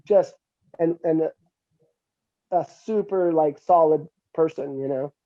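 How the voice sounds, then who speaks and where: A man's voice: on the high side, unhurried, lo-fi sound. A middle-aged man telling stories casually as an interview guest, animatedly acting out what others said. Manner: animated, acts out quotes with raised voice. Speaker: interview guest, metal musician. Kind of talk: casual storytelling.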